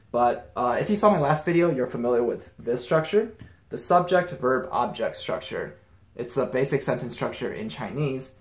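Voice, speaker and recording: Male teacher, casual lesson, easygoing step-by-step explainer, echoey room. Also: mid-range voice. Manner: relaxed, explains step by step with examples. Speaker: language teacher. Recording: roomy echo.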